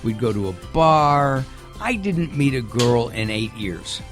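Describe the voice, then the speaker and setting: A man's voice: medium pitch, lively intonation, unhurried, over music. A middle-aged man hosting a radio health talk show, joking and chatty, with stumbling restarts. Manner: jokey, chatty, with filler restarts.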